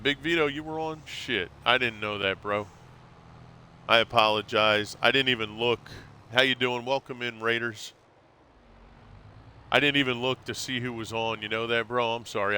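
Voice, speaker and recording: Laid-back streamer man, bright voice. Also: on the low side, clear, resonant tone. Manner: laid-back, rambling, calls viewers bro. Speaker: live streamer. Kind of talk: casual live-stream chat with viewers.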